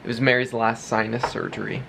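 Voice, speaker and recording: Guy in his 30s vlogging from his home office, kinda gravelly, laughs a lot, faint hiss. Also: medium pitch, little pitch movement, brisk, bright, forceful tone. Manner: chatty, laughs often, thinks aloud. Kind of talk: casual vlog talk. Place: home, third-floor office. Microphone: handheld camera.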